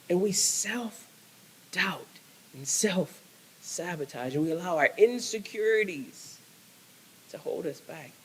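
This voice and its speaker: A man's voice: sits high, animated, slow pace, pauses often, slightly rough, poor audio. A male pastor preaching a sermon, emphatic and repetitive, restarting phrases as he builds.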